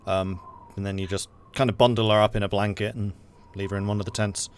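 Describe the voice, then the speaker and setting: A man's voice: on the low side, level tone, fast, clean tone. A man narrating a tabletop role-playing game as game master, in a loose, conversational way with frequent fillers.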